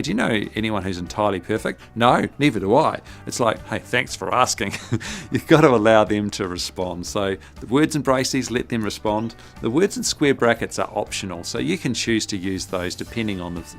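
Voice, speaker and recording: Guy with a low gravelly voice going through app tips step by step, soft guitar behind. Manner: practical and encouraging, steady numbered steps. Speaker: app tutorial presenter. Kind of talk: instructional explainer.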